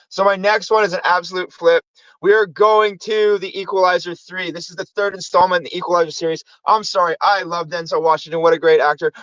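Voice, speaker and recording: A man hosts a casual movie review show, rambling through plots and acting out lines from the films. His voice sits high with a fairly bright tone; the audio is dull but has no echo.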